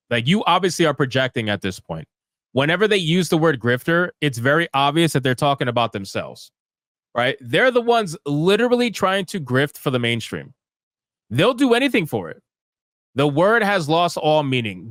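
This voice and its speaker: A man's voice: on the high side, fairly bright tone, no room sound, studio quality. A man giving sarcastic, ranting live commentary as a streamer, firing off rhetorical questions. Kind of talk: live commentary reading tweets.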